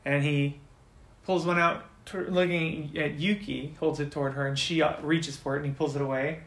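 A man's voice: fairly high pitch, fairly even intonation, normal speed. Man narrating a tabletop game in an echoey room. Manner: voices characters with sudden loud outbursts. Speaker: game master.

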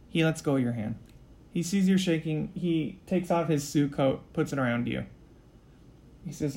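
A man running a tabletop role-play, narrating the scene in a relaxed, loose way full of fillers. His voice sits a bit high for a man, and he moves it along briskly. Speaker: game master.

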